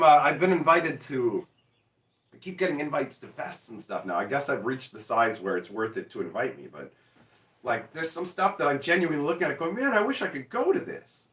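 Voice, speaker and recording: Casting: forty-something male streamer, bright edge, swearing and excitable, roomy sound set back from the mic. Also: medium pitch, distant mic. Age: 40s. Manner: profane, excitable, self-mocking. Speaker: streamer answering chat. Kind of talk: casual livestream chat.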